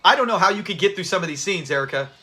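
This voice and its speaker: A high-pitched man hosts a relaxed livestream watch party. He talks loosely with his viewers and laughs often. His voice is bright and forward. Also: rapid-fire. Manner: chatty, laughs often, talks to the live chat. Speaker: channel host.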